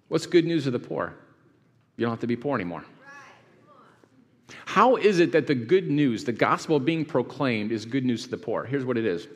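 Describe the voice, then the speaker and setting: A man preaches to a live congregation at a middle pitch, reading scripture aloud and throwing questions at the room. His voice carries a long hall reverb from the church space. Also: animated, normal speed. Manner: reads scripture and quizzes the audience. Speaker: pastor.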